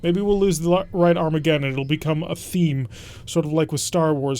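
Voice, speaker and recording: A man's voice: fairly high pitch, moderate pace, a little mellow. A man hosting a let's play, talking through his strategy in a chatty, rambling way with frequent self-corrections. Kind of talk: casual game commentary.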